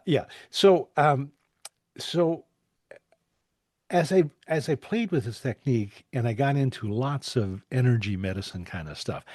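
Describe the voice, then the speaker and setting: A man in his forties with a fairly low, darkish voice appears as a podcast guest, telling long anecdotes. The sound is clean studio audio with no room sound, and he repeats words while thinking and laughs often.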